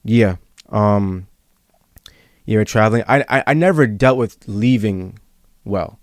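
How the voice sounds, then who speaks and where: Low-voiced man telling a rambling story. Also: measured pace, dry recording, clean studio sound. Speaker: podcast host. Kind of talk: casual podcast chat.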